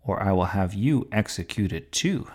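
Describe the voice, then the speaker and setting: A man's voice: lowish voice, expressive, unhurried, a little mellow. A man voicing an imperious, fussy queen in a children's story, speaking in a lofty, commanding way.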